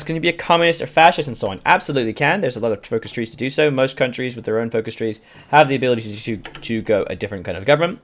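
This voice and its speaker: A man talks through a strategy game at his desk mic in a loose, chatty way, cursing now and then. His voice sits at an ordinary middle pitch. He keeps stopping to answer viewers in his live chat. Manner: chatty, profane, reads out chat questions. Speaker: video game streamer. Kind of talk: casual gameplay commentary.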